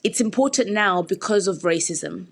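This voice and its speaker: A woman actor from the United Kingdom, a podcast guest, speaking in a thoughtful, reflective way with drawn-out phrasing. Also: mid-range voice, vocal fry. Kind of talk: reflective interview talk.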